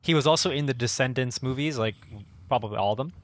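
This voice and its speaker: A man's voice: mid-range voice, quick pace. A Canadian man co-hosting a podcast, chatting casually, with sentences that rise at the end. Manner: relaxed, rising ends of sentences. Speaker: podcast co-host. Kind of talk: casual chat.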